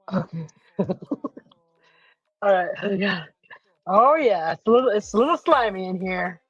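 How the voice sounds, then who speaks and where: A woman hosting a relaxed livestream from home talks slowly and expressively in a husky, mid-range voice, pausing often and rambling with frequent "uh"s while reading viewer comments. No room sound is audible, but the lo-fi stream audio is dull and carries faint music.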